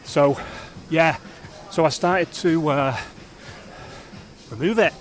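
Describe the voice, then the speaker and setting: High-energy man vlogging his challenge. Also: slow. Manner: energetic, rambling, self-reflective. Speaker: fitness vlogger. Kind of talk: casual vlog talk to camera.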